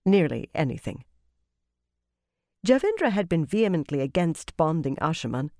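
An audiobook narrator reading a fantasy novel in a measured, expressive way. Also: mid-range voice, dry recording, studio quality.

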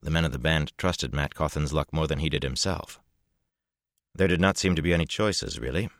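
A man narrates a fantasy novel in a measured, even voice. His voice is extremely deep. The recording is dry and close. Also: no echo. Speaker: audiobook narrator.

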